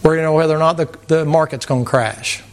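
A man preaching a sermon to a congregation in a folksy, animated way, repeating words and mimicking sounds. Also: fairly high pitch, quick pace. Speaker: pastor. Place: church sanctuary with congregation.

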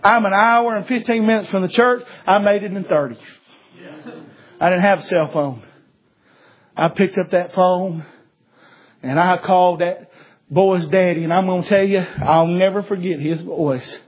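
Preacher guy, high husky voice, goes from hushed to shouting, dull lo-fi recording. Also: unhurried, long pauses. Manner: swings from hushed to shouting, folksy. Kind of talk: sermon storytelling.

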